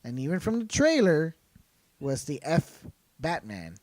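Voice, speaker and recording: A man's voice: on the high side, huge pitch swings, unhurried, darkish tone, no room sound. Rambling man on a dry mic. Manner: rambling, restarts, laughs often. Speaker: podcast co-host. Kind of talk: casual chat.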